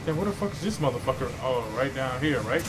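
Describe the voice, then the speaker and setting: A man giving casual let's play commentary, with excitable, profane trash talk. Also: mid-range voice, quick pace, noisy background. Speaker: gameplay commentator.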